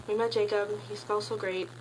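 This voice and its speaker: A teenage girl telling a story in a casual vlog, gushing and rambling, packing her sentences with "like" and jumping into excited high squeals. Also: unhurried, a little hiss or hum, low-quality recording. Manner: gushing, rambling, heavy use of "like"; bursts into high excited squeals when quoting. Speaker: concert fan recounting a meet and greet.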